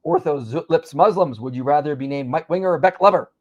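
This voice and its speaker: A man's voice: a little high, dull audio. A man hosting a live stream, reading out viewer comments and replying in casual chat. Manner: reads out viewer comments and answers them quickly. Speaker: host.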